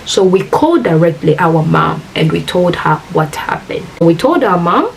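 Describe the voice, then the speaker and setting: A woman's voice: on the low side, big pitch swings, moderate pace, vocal fry. Earnest woman telling her story. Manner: earnest, addresses viewers as "guys", acts out quoted dialogue. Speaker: vlogger. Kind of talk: emotional storytime retelling. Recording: distant mic with faint hiss.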